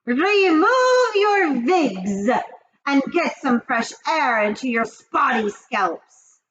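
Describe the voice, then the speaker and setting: A woman reading aloud voices an imperious witch queen with a hard, metallic, rasping voice and slow, loud, drawn-out commands. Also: high voice, very animated, highs cut off, voice pushed up, heavily acted. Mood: commanding.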